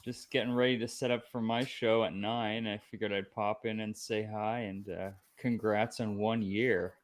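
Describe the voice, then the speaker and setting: A man dropping into a livestream to say hi, low-key and a bit hesitant. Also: little pitch movement, normal speed. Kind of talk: casual chat.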